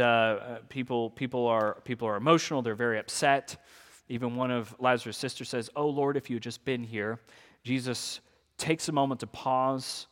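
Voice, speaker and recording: A man preaching a sermon, reading scripture aloud and explaining it in an earnest, lively way with casual asides. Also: medium pitch. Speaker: pastor. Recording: long hall reverb.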